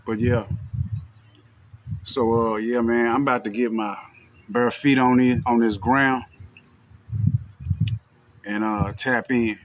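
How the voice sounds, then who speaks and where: A man with a Texan twang talks to his livestream audience in a loose, direct and unhurried way, sprinkling in "you know what I'm saying". His pitch sits in the middle of the usual male range. Faint noise hangs behind him. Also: flat delivery. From Texas. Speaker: livestream host. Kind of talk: casual livestream talk.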